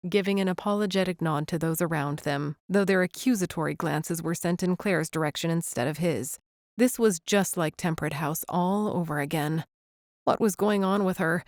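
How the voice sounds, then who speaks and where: A woman reading a romantic comedy audiobook in gentle, even narration. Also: fairly low pitch, no echo, studio quality. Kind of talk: scripted narration.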